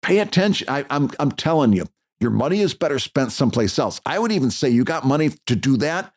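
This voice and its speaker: A man's voice: mid-range voice, sing-song, fast talker. A man co-hosting a podcast in casual chat, blunt and emphatic, restarting his sentences often. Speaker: podcast co-host.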